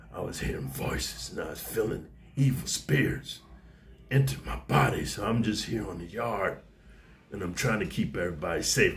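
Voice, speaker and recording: A man's voice: low voice, gravelly, pitched below the performer's own voice. A man doing a haunted, mumbling ex-inmate. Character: man just out of solitary, haunted and withdrawn.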